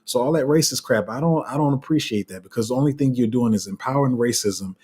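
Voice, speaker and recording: A man's voice: mid-range voice, fast talker, warm tone, breathy edge. A man hosting a crypto channel, giving a heated, passionate livestream rant full of restarts. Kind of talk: casual livestream commentary.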